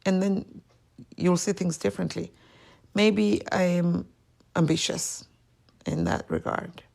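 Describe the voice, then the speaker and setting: A woman with a strongly gravelly, creaky voice speaks openly and with feeling as she hosts her own podcast. Her delivery is a personal confessional monologue, and she acts out bits of old arguments as she goes. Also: on the low side, sing-song, slow, a little mellow. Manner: emotional, candid, quoting past arguments. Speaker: podcast host.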